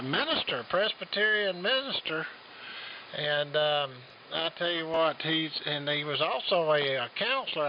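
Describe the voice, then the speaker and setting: A man running an amateur radio net, rambling and earnest, heard through lo-fi radio audio with faint hiss. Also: on the high side. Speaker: net control operator. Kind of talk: ham radio chat.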